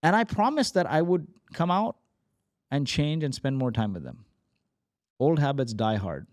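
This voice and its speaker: Animated storytelling man in his forties. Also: a little high, moderate pace, no echo, clean studio sound. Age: 40s. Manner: animated, acts out quoted dialogue. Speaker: podcast guest, startup founder. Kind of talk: energetic storytelling.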